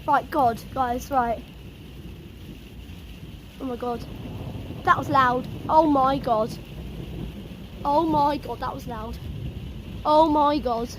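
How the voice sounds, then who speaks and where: A woman filming a thunderstorm outdoors for her vlog, gasping and crying out excitedly to viewers as rain and thunder sound around her. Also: sits high, slow pace, pauses often. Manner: excitable, gasping exclamations, repeated "oh my God". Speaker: storm-chasing vlogger. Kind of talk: live storm vlog, talking to viewers. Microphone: handheld or propped camera. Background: rain, wind and thunder.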